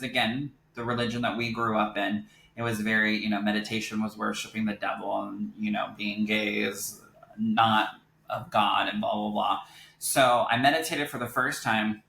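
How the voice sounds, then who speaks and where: Young male interview guest, bright and animated storyteller, quotes others in character; roomy recording. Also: fairly low pitch, creaky. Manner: animated, quotes others in lively voices, laughs easily. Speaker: psychic medium guest. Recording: echoey room with faint noise.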